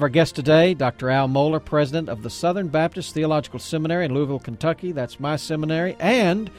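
A man hosting a talk radio show, earnest and emphatic, preacherly in his appeals to listeners. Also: on the high side.

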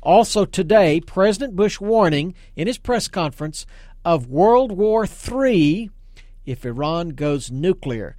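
A man hosting a talk radio show, taking callers and speaking briskly and emphatically. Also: sits high, lively intonation, darkish tone, dry recording, clean studio sound. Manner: brisk, emphatic, takes calls.

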